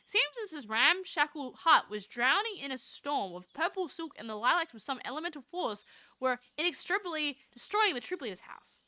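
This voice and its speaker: A woman streaming a story game live, reading its text aloud and joking with her chat in an animated way. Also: sits high, normal speed. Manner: animated, jokey, talks to chat.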